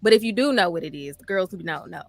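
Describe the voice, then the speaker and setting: A woman co-hosting a podcast in casual chat, gushing and animated, full of filler words. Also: lowish voice, quick pace, creaky. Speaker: podcast co-host.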